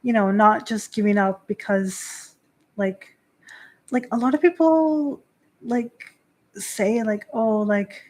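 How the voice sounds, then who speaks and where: A woman's voice: fairly high pitch, slow, long pauses, a little mellow. A woman in her thirties hosting a casual livestream talk as a priestess. She answers chat in a chatty, filler-heavy way and laughs often. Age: 30s. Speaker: host and Shinto priestess.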